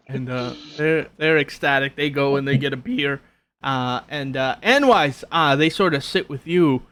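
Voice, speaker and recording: A man narrating as game master, halting and repeating himself often. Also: medium pitch, fairly bright tone, a little hiss or hum. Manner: halting, many fillers and restarts.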